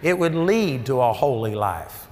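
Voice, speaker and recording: A man's voice: mid-range voice, sing-song, unhurried, darkish tone. A man preaching a sermon, emphatic and storytelling, his voice rising for key points. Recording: long reverb of a large hall.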